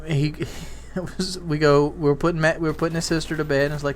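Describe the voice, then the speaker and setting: A man's voice: on the high side, little pitch movement, fast talker, a little hiss or hum. A man doing a casual, rambling commentary, telling a candid parenting story with many restarts. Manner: rambling, repeats words and restarts. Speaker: YouTube commentator.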